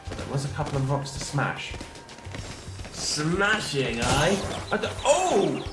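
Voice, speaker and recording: A man giving casual gameplay commentary, chatty and joking, with a lively voice and an unhurried pace. His voice echoes in the room while game music plays. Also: a little high. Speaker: gaming channel host.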